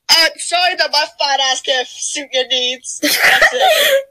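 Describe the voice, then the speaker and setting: A woman's voice: sits high, sing-song, a little slow, pushed and bright, poor audio. A woman doing crude comedic fan dub voices, giggly and teasing.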